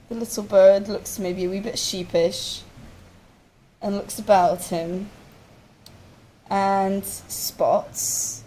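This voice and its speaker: A woman telling a folk tale live, relaxed and chatty with asides to her listeners. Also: mid-range voice, slight background noise, low-quality recording. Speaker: storyteller. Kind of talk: live oral storytelling.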